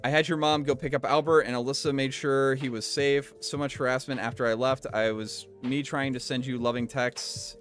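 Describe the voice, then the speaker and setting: Male streamer, bright tone, reads a text aloud with dry interjections over soft background music. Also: medium pitch, normal speed, few pauses. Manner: reads flatly, breaks off for wry asides. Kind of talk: reading aloud with commentary.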